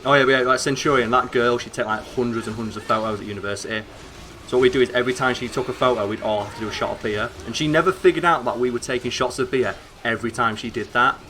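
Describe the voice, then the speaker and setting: Young northern english guy streaming, bright punchy voice, swears a lot, rambles, faint noise behind. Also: medium pitch, fast talker. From northern England. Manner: excitable, sweary, rambling with frequent "like" fillers. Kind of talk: casual gameplay commentary.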